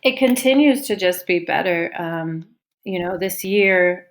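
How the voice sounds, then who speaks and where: A woman's voice: fairly low pitch, lively intonation, unhurried. A woman guest, a teacher and mother, telling a personal story in a podcast interview with heartfelt feeling and at times near tears. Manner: heartfelt, openly moved, retelling with quoted dialogue. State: tearful at times.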